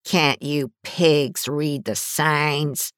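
Sneering thug boss, put on by the narrator: slow, cocky, dry close read. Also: male voice, a little high, pushed and bright, no echo, exaggerated voice. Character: cocky menacing male gang leader.

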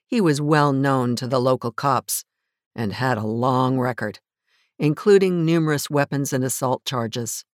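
Audiobook narrator, mid pitch, measured, close dry studio mic. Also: no room sound. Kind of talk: scripted narration.

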